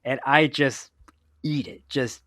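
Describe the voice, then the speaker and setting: A man hosting a gaming podcast, telling a story in a casual, animated way, laughing often and acting out voices. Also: mid-range voice, slow pace, no room sound, clean studio sound. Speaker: podcast host.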